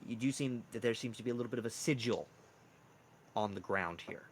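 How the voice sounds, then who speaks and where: A man's voice: medium pitch, brisk, slight background noise. A man narrating as dungeon master of a tabletop game, laughing often and slipping into character voices.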